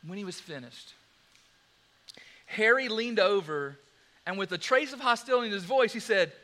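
Loud passages give way quickly to quiet ones as a preacher tells his sermon story in an animated, dramatic style. His voice sits high for a man and comes across bright and forward.

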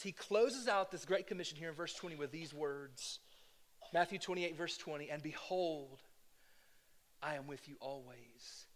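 A man preaching a sermon, swinging from hushed lows to loud exhortation and putting rhetorical questions to the congregation. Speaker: pastor.

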